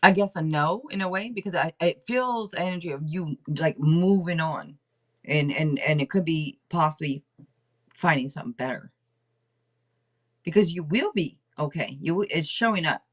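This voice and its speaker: A middle-aged woman hosting a casual livestream tarot reading, rambling and chatting out loud to herself between readings. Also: deep voice, normal speed. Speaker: tarot reader and livestream host.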